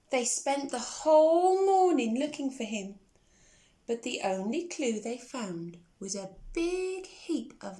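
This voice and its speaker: A woman reading a children's story aloud in an animated way, asking the listener questions. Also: a little high. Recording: echoey room.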